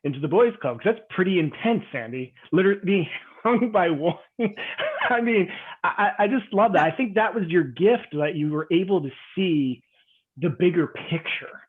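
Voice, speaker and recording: A woman's voice: on the low side, sing-song, moderate pace, breathy edge. Eager woman interviewer on tinny line. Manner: supportive, eager, stumbles over starts. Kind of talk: casual interview chat.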